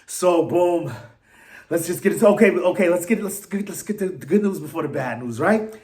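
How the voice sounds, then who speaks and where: A man ranting casually to camera as a sports fan vlogger, excitable and rambling, with slang and restarts. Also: high voice, normal speed.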